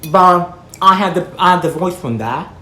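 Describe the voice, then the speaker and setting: A woman's voice: lowish voice, lively intonation, normal speed, bright, forceful tone, echoey room, slight background noise. A woman from Jamaica with a Jamaican accent, talking frankly and rambling to her viewers in a casual vlog. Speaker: vlogger. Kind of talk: casual talk to camera.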